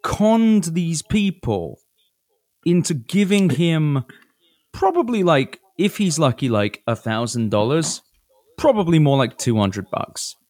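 A British man hosting a podcast, ranting in casual, profane chat and mocking people with quick impressions. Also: on the high side, very animated, a little mellow, no echo. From Britain. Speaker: podcast host.

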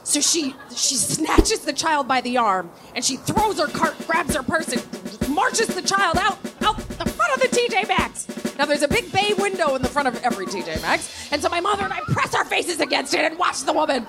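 A woman's voice: extremely high pitch, very animated, normal speed, over music. A woman comedian telling a comic story at a live show, acting out voices. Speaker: comedian and writer, guest. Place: live show in a bar venue.

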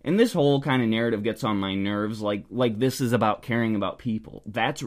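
A man's voice: fairly low pitch, fairly quick, few pauses. A man telling a casual story in a sarcastic, derisive way, often breaking into laughter.

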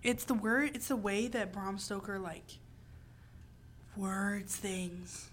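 A woman's voice: mid-range voice, normal speed, a little hiss or hum. A young woman co-hosting a casual podcast, ranting animatedly about books and films with exaggerated quoted reactions. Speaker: podcast co-host. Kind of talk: casual chat.

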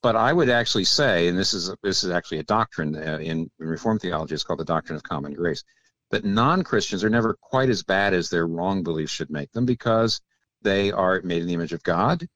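Very low male voice, dry close sound; a thoughtful theologian who lectures gently while being interviewed. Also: animated, no echo, lo-fi sound. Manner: measured, teacherly, often drops to a quiet aside. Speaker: theologian guest. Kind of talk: explanatory interview talk.

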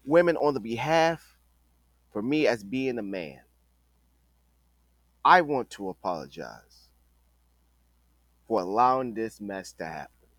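A man's voice: on the low side, sing-song, slow, pauses often, fairly bright tone, no echo. Emphatic man talking casually, dry sound. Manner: conversational, emphatic, repeats phrases. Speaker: podcast host. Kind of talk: casual opinion monologue.

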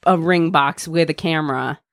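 A woman's voice: low-pitched, no echo. A woman co-hosting a podcast in casual chat, wry and teasing, on a close dry mic. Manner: wry, teasing, quick laughs. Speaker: podcast co-host.

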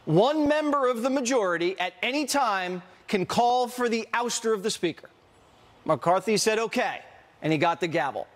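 A man hosting a cable news show with emphatic, loud commentary. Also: sits high, animated, moderate pace. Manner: emphatic, loud broadcast delivery. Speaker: TV news host.

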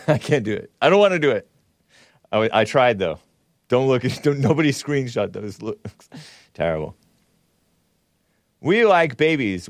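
A man hosting a talk show, giving casual political commentary in a mocking tone with laughing asides and sudden jumps in pitch. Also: big pitch swings, measured pace, long pauses, no echo, clean studio sound.

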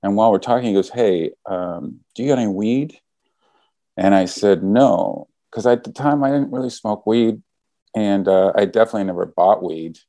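A man's voice: on the low side, moderate pace, creaky, warm tone, dry recording. A man casually telling a story, acting out the quoted lines as he goes.

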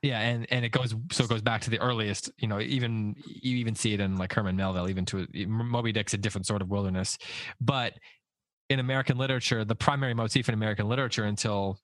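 A man's voice: lowish voice, steady tone, quick pace, dry recording. A man leading a casual book discussion, thinking aloud with frequent restarts and self-corrections.

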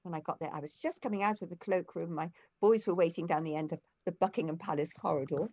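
A low-voiced older woman talks as an interview guest, telling long anecdotes in a chatty, meandering way with plenty of fillers and false starts. The recording is dry and a little muffled. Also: quick pace, a little mellow, dry recording. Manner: chatty storyteller with frequent restarts and fillers. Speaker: interview guest, former foster carer. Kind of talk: conversational interview.

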